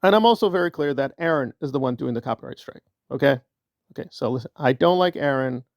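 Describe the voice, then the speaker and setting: A man's voice: medium pitch, animated, fast talker, no room sound, studio quality. A man giving a combative, sarcastic ranting commentary as an online commentator, often repeating himself.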